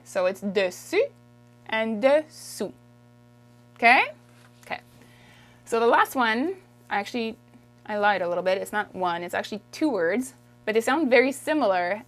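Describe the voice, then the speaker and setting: Quebec french teacher lady, slowish, says words over and over, little hum behind. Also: medium pitch. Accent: Québécois French. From Quebec, Canada. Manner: patient, drills words slowly and repeats them. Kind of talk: video language lesson.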